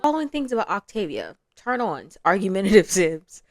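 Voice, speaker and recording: Brief: young woman, gameplay commentator, lively pitch, chatty, quick to laugh. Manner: chatty, laughs often, acts out quotes. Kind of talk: casual game commentary.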